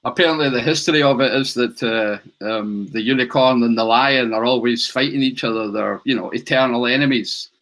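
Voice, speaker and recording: A man's voice: mid-range voice, brisk, hardly any pauses, fairly bright tone. Easygoing Scottish man, a livestream guest. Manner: easygoing, laughs often, explains things. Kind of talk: casual livestream chat.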